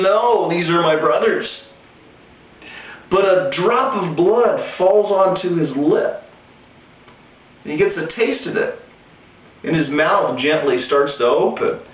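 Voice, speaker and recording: A man telling a spiritual parable in a slow, deliberate way with pauses and restarts, recorded through a tinny, echoey line from a distance. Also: sits high, slight background noise. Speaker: spiritual storyteller. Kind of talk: told parable, spiritual teaching. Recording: tinny far-off echoey lo-fi with faint background.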